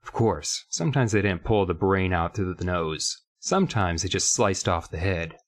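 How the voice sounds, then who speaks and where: A man's voice: deep voice, moderate pace. A man co-hosting a podcast, recapping a book in casual chat, rambling and joking with lots of fillers. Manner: rambling, jokey, many fillers. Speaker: podcast co-host.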